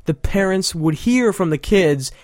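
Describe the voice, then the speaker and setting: A man's voice: high-pitched, expressive, measured pace, darkish tone, no room sound. Sarcastic rambling man, dry close mic. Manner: sarcastic, rambling, laughing often. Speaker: podcast host. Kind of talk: casual mocking commentary.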